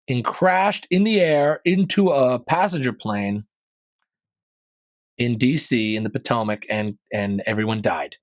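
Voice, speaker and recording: A man's voice: medium pitch, no echo. A man hosting his own podcast, talking through the week's news in a loose, rambling way with plenty of fillers and asides. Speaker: podcast host. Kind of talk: casual solo commentary.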